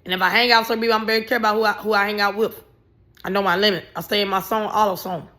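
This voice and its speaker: A woman giving casual, ranting commentary, blunt and animated, swearing freely and raising her voice in bursts. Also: mid-range voice, very fast. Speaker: vlogger.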